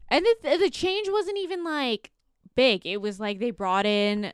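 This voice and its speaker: A woman's voice: on the high side, measured pace, clean tone, no room sound, clean studio sound. Chatty woman podcast co-host. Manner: chatty, lots of "like", acts out quotes. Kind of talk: casual book chat.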